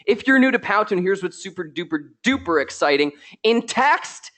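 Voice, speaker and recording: A man hosting a live software tutorial, excitable and chatty, joking with his viewers, a little tired from being ill. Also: a little high. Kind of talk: live screen-share tutorial.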